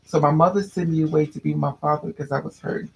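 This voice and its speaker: A man's voice: fairly high pitch, steady tone, rapid-fire, vocal fry, a little hiss or hum, low-quality recording. A man telling a personal story to a listener, candid and restless, often repeating and restarting his phrases.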